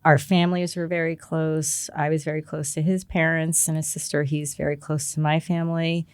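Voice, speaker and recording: A woman's voice: deep voice, little pitch movement, moderate pace, darkish tone, smooth, no echo. A woman in her forties, a podcast guest candidly telling a personal story and acting out quoted dialogue with laughs.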